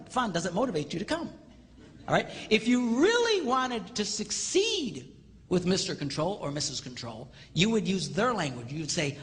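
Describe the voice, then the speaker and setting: Male seminar speaker, high and wildly lively, reverberant auditorium. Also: moderate pace. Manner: animated, acts out quoted voices for laughs. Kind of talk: live comedic lecture. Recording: reverberant hall with faint noise.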